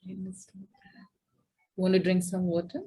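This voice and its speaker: A woman speaking as a coach in a coaching session, soft-spoken and reassuring. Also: lowish voice, monotone, normal speed, breathy edge, rough recording.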